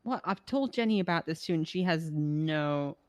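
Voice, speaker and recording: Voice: mid-range voice, expressive, normal speed, dry recording, natural voice. A player voicing an eccentric woman in a police car who talks bluntly and overshares in a rambling way. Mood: oversharing.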